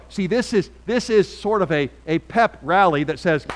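A middle-aged man preaching a sermon as pastor, emphatic and swinging from quiet asides to loud calls. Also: sits high, expressive, normal speed, hardly any pauses, poor audio.

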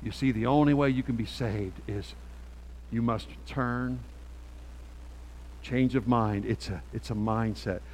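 A middle-aged male pastor preaching a sermon on a handheld mic, animated and emphatic, swinging from quiet asides to loud peaks. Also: mid-range voice, unhurried, long pauses, long reverb tail, a little hiss or hum.

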